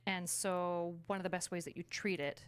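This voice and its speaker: Casting: woman, fairly low voice, chatty and explanatory in casual talk. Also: fairly even intonation, moderate pace, clear, resonant tone. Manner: chatty, explains with many fillers. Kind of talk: casual conversation.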